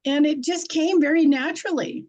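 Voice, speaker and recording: High-voiced blunt folksy woman. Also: normal speed, darkish tone, low-quality recording. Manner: blunt, folksy, laughs often. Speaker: guest, intuitive and animal communicator. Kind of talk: conversational storytelling.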